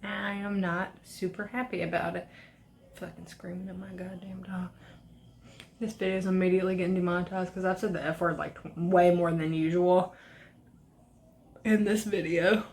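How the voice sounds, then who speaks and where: A woman's voice: fairly low pitch, fairly even intonation, normal speed, a little mellow, a little hiss or hum. A young woman beauty vlogger chatting casually through a makeup tutorial, rambling and swearing as she rants. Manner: profane, ranting, rambling.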